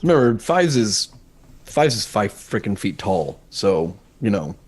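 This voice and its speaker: A man's voice: lowish voice, big pitch swings, unhurried, a little mellow, breathy edge. A man playing a character at a tabletop game, chatting casually and playfully joking with the table. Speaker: player.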